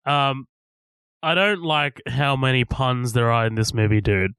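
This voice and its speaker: A man's voice: medium pitch, unhurried, fairly bright tone, clean tone, no echo. Laid-back joking man, dry close sound. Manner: laid-back, swears often, laughs a lot. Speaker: podcast co-host. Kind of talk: casual movie commentary chat.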